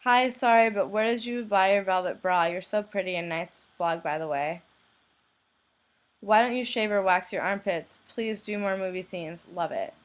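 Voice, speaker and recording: Young blogger woman reading out her inbox, deadpan, middle-pitched voice. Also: normal speed. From United States. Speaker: blogger reading anonymous messages. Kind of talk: reading messages aloud to camera.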